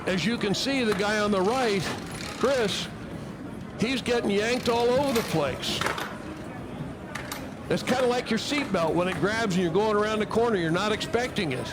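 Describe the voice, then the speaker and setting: A middle-aged man telling a personal story about fall protection to an audience, acting out the dialogue in an animated way. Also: sits high, moderate pace, pauses often, background noise. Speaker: fall protection equipment speaker.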